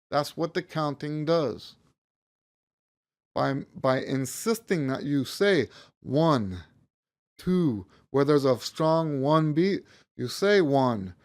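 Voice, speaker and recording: A male music teacher talks through a lesson at an unhurried, deliberate pace. He counts beats out loud and often stops to reword what he just said. His pitch sits in an ordinary middle range. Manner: counts beats aloud, rephrases himself mid-thought.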